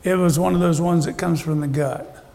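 Male preacher, slightly high voice with gravel, conversational sermon delivery, big hall reverb. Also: steady tone, normal speed, warm tone. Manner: conversational preaching with rhetorical questions. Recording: long reverb of a large hall.

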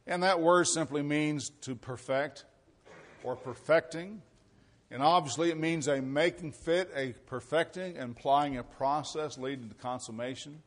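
A man's voice: fairly high pitch, normal speed. A man preaching a sermon to a congregation, mixing scripture readings with conversational, folksy asides. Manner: reads scripture aloud with rising emphasis.

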